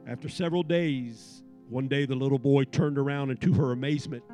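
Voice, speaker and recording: Impassioned male preacher, hushed to shouting. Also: mid-range voice, fairly even intonation, a little fast, few pauses. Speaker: pastor. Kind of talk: sermon. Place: church. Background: soft piano keys.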